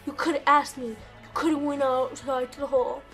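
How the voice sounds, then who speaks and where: A woman's voice: high voice, little pitch movement, moderate pace, fairly bright tone, soft background music. A woman voicing an irritated male teacher in a curt, scolding way.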